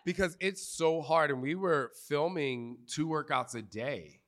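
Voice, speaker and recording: A man answering questions in front of a group, telling candid stories in animated, slangy speech with cursing and acted-out quotes. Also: on the high side, measured pace. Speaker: fitness trainer interviewee. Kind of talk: candid storytelling Q&A before a live group. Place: outdoor retreat gathering.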